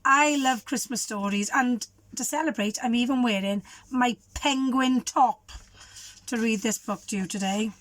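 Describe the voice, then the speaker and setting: A woman teacher, a little croaky, reading a children's storybook aloud and asking the listeners questions. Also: on the high side, a little slow. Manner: warm, asks the children questions. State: hoarse.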